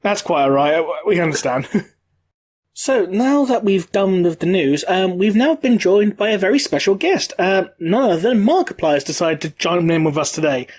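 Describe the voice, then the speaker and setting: High-voiced man co-hosting a podcast. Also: sing-song, moderate pace, darkish tone. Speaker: podcast co-host. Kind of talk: casual chat.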